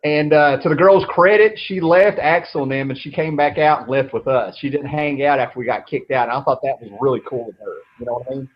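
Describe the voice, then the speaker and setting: A man's voice: medium pitch, steady tone, fairly quick, hardly any pauses. A man in his thirties hosting a show, telling long, rambling stories in a laid-back way and swearing freely. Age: 30s. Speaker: show host. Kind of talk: casual storytelling chat. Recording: dull lo-fi with faint noise.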